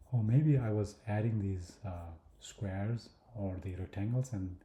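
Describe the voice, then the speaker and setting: In an echoey room, a man with a lowish, dark voice takes his time walking through a design tutorial on screen. He thinks aloud hesitantly, with many fillers and restarts, often dropping to a mutter or whisper.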